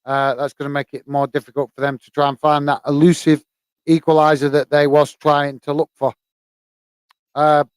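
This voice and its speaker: A man's voice: on the high side, little pitch movement, moderate pace, clear, resonant tone, no echo. A man from the UK hosting a live football watch-along, tired and rambling with lots of fillers. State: tired, yawning.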